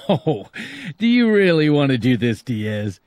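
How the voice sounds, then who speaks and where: A man's voice: medium pitch, sing-song, slow, darkish tone, no room sound. An actor playing a smug male suspect in a cop show, speaking in a mocking, taunting way.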